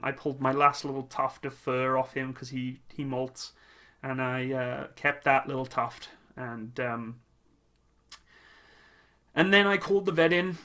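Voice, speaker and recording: A man hosting his own channel, speaking in a halting, emotional way with many pauses and restarts as he gives a personal tribute. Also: medium pitch, a bit bright. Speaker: channel host.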